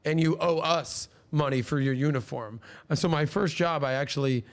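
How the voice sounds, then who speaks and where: This podcast host, a man in his forties, speaks at a normal speed in a voice on the high side. He tells stories casually and animatedly, performing the voices of anyone he quotes.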